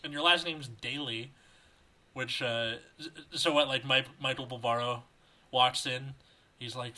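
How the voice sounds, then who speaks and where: Podcast host, bright, crisp tone, jokey and rambling on a video call. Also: male voice, mid-range voice, steady tone, unhurried. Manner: joking, rambling, laughs often. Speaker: podcast host reading fanfiction. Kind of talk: reading aloud and casual chat.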